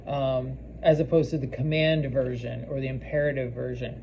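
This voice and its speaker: A man teaching a recorded class lesson, halting with many ums and restarts and repeating foreign phrases slowly for practice. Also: medium pitch, dark tone, highs cut off, slight background noise. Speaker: language teacher.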